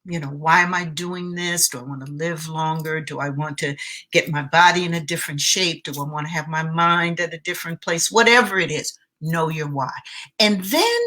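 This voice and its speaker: A woman's voice: low-pitched, moderate pace, pushed and bright. A woman giving a motivational self-care talk as a coach, emphatic and speaking straight to the viewer, repeating her key phrases.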